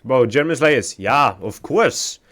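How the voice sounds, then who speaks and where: A man streaming a game live, chatting casually with his chat, swearing often and reacting loudly to what he reads. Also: medium pitch, expressive, measured pace.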